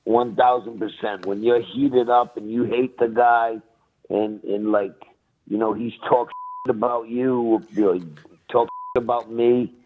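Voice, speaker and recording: A man's voice: mid-range voice, level tone, unhurried. A man, a retired boxer, talking bluntly as a guest in a casual interview and laughing as he talks. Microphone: phone call. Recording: tinny phone line.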